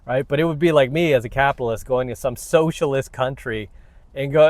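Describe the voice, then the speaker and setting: Speaking fairly quickly at a medium pitch, this man hosts a self-help channel and lectures his camera in a preachy, confrontational, blunt manner, repeating "you know what" often. There's no echo on the recording.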